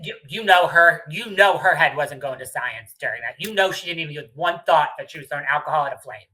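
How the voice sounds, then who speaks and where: A woman's voice: sits low, lively intonation, fast talker, bright, forceful tone, poor audio. A woman co-hosting a casual podcast chat recapping reality TV, emphatic and swearing freely. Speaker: podcast co-host.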